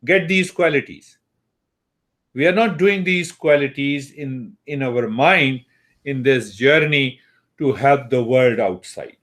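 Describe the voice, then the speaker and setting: A man teaching meditation slowly and calmly, with long pauses and Sanskrit terms. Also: medium pitch. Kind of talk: spiritual teaching talk.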